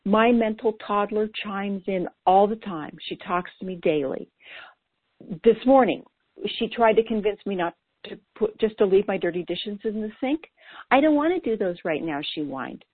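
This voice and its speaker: A woman's voice: mid-range voice, unhurried, slightly rough, no echo. A woman coach with ADHD giving an earnest, lightly playful scripted talk about self-talk. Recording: dry, tinny phone-like sound.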